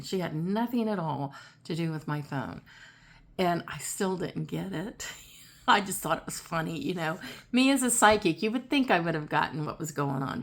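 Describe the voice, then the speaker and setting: A woman psychic telling a personal story in a chatty, casual way, repeating herself and getting animated when she quotes people. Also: on the low side. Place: home, seated in a rocking chair.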